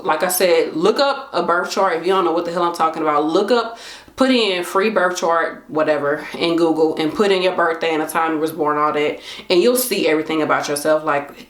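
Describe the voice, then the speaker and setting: A woman's voice: on the low side, fairly bright tone, reverberant. A woman in her late twenties talking casually to camera, chatty and slangy, acting out her own thoughts. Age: late 20s. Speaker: vlogger.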